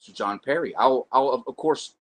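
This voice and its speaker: A man's voice: mid-range voice, moderate pace, slight background noise, low-quality recording. Joking man hosting a casual show. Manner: joking, rambling with fillers. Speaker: host. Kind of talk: casual livestream chat.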